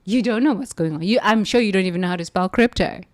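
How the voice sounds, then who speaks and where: A woman from the United States, a former nun, telling a spiritual story in an emphatic, animated way. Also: medium pitch, fast talker. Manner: animated, emphatic, laughs between lines.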